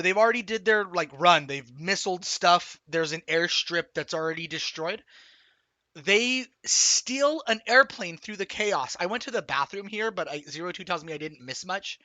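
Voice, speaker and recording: Male streamer, high bright voice, excitable rambling recap, sweary, dry close sound. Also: no echo. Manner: animated, swears a lot, rambling with restarts. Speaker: streamer reviewing a film. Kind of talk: excited casual movie recap.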